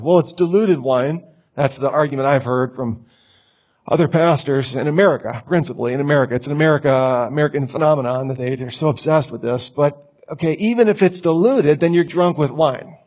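Husky guy preaching in church, bit high pitched, chatty and emphatic. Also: a little mellow. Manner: emphatic, conversational preaching with rhetorical questions. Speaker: pastor. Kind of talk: sermon. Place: church sanctuary.

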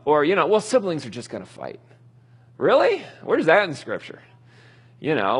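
Husky, animated man teaching parents. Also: a little high. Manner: casual, anecdotal, laughs at own stories. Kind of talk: conversational Bible-based teaching.

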